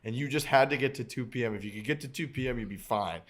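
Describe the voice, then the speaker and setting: A man's voice: mid-range voice, quick pace, fairly bright tone. A man hosting a golf podcast, chatting casually and moving the show along. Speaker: podcast host. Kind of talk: casual chat.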